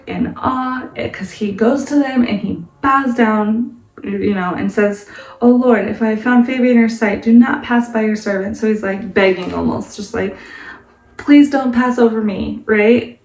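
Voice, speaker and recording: Woman reading scripture in an echoey room. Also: medium pitch. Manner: thinking aloud, conversational, often asks "right?". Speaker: Bible study host. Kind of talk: reading scripture and casual commentary. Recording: roomy echo, distant from the mic, faint music behind.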